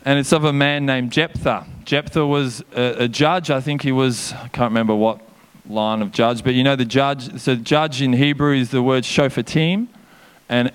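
A pastor delivers an energetic sermon in a fairly high voice, keeping it casual and chatty with quick asides to the congregation.

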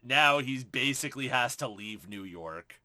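A man co-hosting a podcast, casually recapping a movie with profane, animated retellings of scenes and quoted lines. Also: mid-range voice, unhurried, no room sound. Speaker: podcast co-host. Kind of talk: casual film recap chat.

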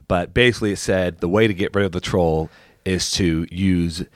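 A man's voice: low-pitched, fairly even intonation, moderate pace, no echo, clean studio sound. A man co-hosting a podcast, retelling a movie scene in a casual, laughing manner. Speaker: podcast co-host. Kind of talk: casual chat.

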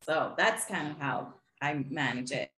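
A woman with a bright, forceful voice talks earnestly about faith on a casual podcast. She is animated and laughs now and then, and her voice sits a little low and echoes in the room. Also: unhurried, a little hiss or hum. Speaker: podcast co-host.

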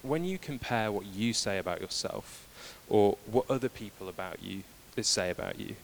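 A man preaching a sermon who retells scripture as lively, casual dialogue. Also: lowish voice, moderate pace, creaky, slight background noise.

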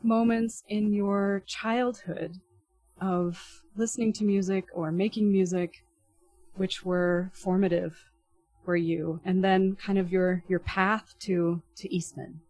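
Soft-spoken woman podcast host. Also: mid-range voice, flat delivery, takes it slowly. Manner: warm, careful speech with fillers and restarts. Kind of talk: podcast interview.

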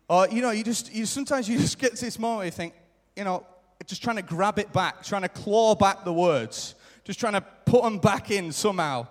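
A man's voice: high-pitched, animated, moderate pace, few pauses. A man preaching a sermon live in a church, earnest and repeating his key lines for emphasis, sometimes acting out little quoted remarks. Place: church hall. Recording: live church hall reverb.

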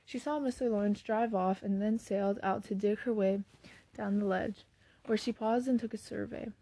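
A woman reading a classic novel aloud at a steady pace, now and then restarting a phrase. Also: medium pitch, moderate pace, dry recording. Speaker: audiobook reader.

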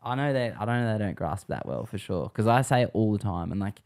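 Aussie bloke, young, low-voiced, laid-back guest spinning slangy yarns. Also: male voice, sing-song, fast, a little mellow. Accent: Australian. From Australia. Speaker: podcast guest. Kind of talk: casual storytelling chat.

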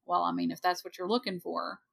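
A woman's voice: on the low side, little pitch movement, a little fast, vocal fry, a bit bright, husky. A woman in her forties co-hosting a podcast, reading a ghost story aloud with joking asides. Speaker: podcast co-host.

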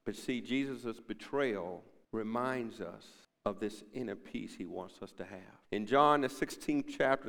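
A man pastor preaching a sermon, building to loud emphatic peaks and dropping to hushed, almost whispered moments, quoting scripture in old-fashioned wording. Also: medium pitch, in a large hall. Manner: preaching with swelling emphasis and soft hushed drops; quotes scripture in King James wording.

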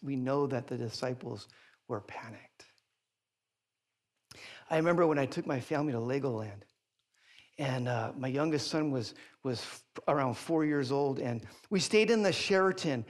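A middle-aged male pastor preaching a sermon, telling a story with big jumps up in pitch when excited and dropping quiet for serious points. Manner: animated storytelling, voice leaping high when excited.

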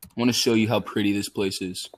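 A man's voice: on the low side, steady tone, quick pace. A man on a casual podcast, swearing freely and cracking crude jokes, talking over a voice call. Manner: profane, laughs a lot, blurts crude jokes. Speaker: podcast co-host. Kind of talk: casual chat.

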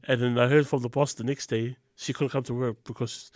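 A man co-hosting a podcast in casual chat, telling stories and laughing loudly at them. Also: medium pitch, a little fast, dry recording, studio quality. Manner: animated, laughs loudly at his own stories. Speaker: podcast co-host.

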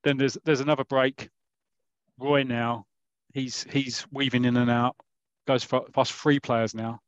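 A man's voice: medium pitch, flat delivery, a little slow, clean tone, no room sound. A man with a South East London accent, telling a comic story as rambling mock football commentary on a podcast. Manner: rambling, with self-interrupting restarts and asides. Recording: dull lo-fi recording.

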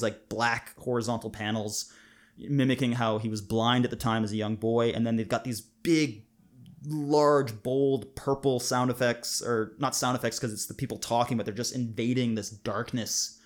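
Enthusiastic man co-hosting a chat show. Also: medium pitch. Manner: enthusiastic, chatty, laughs often. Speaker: podcast co-host. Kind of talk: casual chat.

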